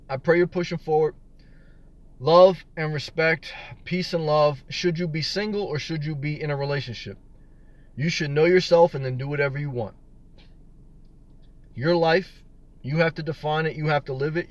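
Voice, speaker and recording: A man's voice: fairly high pitch, fairly bright tone. A man live-streaming from his car, reading viewer comments aloud and rambling and joking about being single. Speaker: vlogger answering live chat. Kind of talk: casual live-stream chat. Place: in his car in a parking lot.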